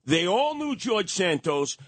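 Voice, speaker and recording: An older man telling gossipy stories on talk radio, acting out the people he quotes with loud, high exclamations. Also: sing-song, a little slow, no room sound.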